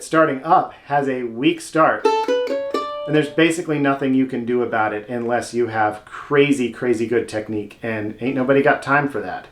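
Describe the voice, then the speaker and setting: A man teaching mandolin technique step by step, friendly and casual, with playful asides. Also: mid-range voice. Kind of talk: instructional video lesson. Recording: roomy sound with loud mandolin playing. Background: mandolin playing.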